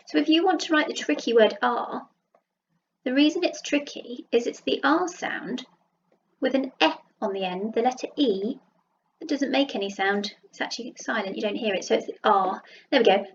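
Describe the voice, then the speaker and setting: A woman with a Southern English accent teaching a phonics lesson to young children, sounding out letters slowly and praising them. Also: on the high side, dull audio, slight background noise. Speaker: primary school teacher. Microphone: computer mic while writing with a mouse.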